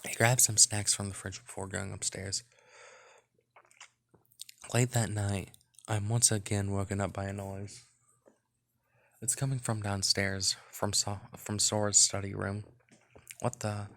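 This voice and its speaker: A man's voice: lowish voice, level tone, measured pace, gravelly, pauses often, a bit bright. A man hosting a let's play, reading a visual novel aloud and breaking off into rambling, casual asides.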